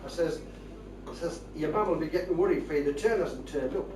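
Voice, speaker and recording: Over music, a fairly quick older Geordie man with a voice on the high side tells rambling, chatty tall tales as a stand-up comedian in a broad northern lilt. The live stage recording is distant and echoey, and the audience laughs along.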